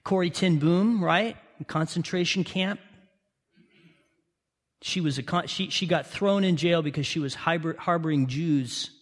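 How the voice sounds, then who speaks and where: A man's voice: a little high, a little slow. A man preaching a sermon with impassioned storytelling and repeated rhetorical questions, recorded in a church sanctuary. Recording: long reverb of a large hall.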